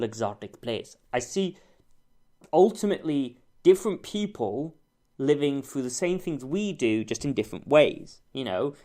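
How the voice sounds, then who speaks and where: A man's voice: mid-range voice, dark tone. Man giving a careful spoken review. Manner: thoughtful, careful, self-correcting. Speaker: TV show reviewer.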